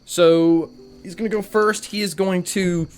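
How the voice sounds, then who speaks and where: Higher-voiced man running a tabletop game. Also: steady tone, measured pace. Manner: loose, chatty narration full of "like" and "kind of". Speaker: game master.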